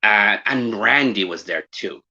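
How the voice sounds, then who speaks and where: A man hosting a podcast, telling stories in a relaxed, profane chat full of fillers. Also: fairly low pitch, measured pace, creaky, husky, lo-fi sound. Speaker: podcast host. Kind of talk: casual chat.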